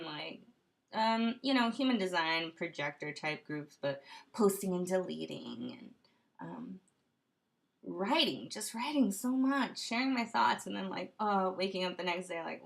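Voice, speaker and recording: A woman's voice: lowish voice, expressive, measured pace, creaky. A woman vlogging from her room at home in a casual late-night monologue, rambling and self-questioning, with frequent laughs. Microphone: computer webcam.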